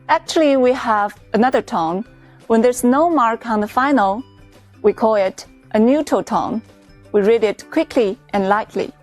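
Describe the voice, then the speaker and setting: Woman teacher, kinda high voice, slow careful explaining, dry booth, soft music under. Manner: clear, patient, explaining step by step. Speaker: Chinese teacher. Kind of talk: scripted lesson narration.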